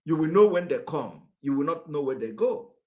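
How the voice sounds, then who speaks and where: A man with a Nigerian accent giving an impassioned political address, fiery and repetitive, sometimes rising to a shout. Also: fairly high pitch, big pitch swings, a little fast. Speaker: political activist.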